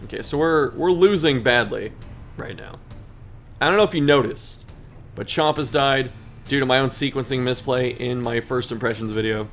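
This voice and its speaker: Male game host, mid-pitched, reads story text and jokes about his own misplays over faint music. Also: moderate pace, a bit bright. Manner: self-deprecating, laughs at own mistakes. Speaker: gaming video host. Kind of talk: reading game text aloud and playing commentary.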